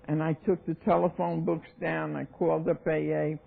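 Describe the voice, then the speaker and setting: A woman's voice: sits low, little pitch movement, moderate pace, gravelly, hardly any pauses, slightly rough. A woman in her seventies with a New York accent, telling her recovery story at a meeting, emphatic and acting out voices. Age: 70s. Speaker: AA speaker. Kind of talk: recovery talk, personal story. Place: meeting hall. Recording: tinny lo-fi 1990s tape.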